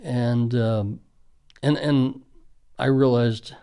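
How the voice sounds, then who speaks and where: A man's voice: mid-range voice, steady tone, very slow, mellow, clear, resonant tone. A middle-aged man, a school safety official, earnestly reminiscing in conversational storytelling with frequent fillers.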